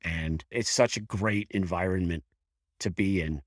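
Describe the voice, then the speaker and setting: Fifties guy from buffalo way, low voice, frank and halting, dry close sound. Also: no room sound. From Buffalo area, US. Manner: halting and frank, restarts, mild swearing. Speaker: guest, career firefighter. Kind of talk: candid personal storytelling in an interview.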